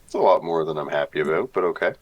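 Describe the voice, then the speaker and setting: A man's voice: a bass voice, fast. A man playing a tabletop game, asking dry, wary questions. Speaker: player.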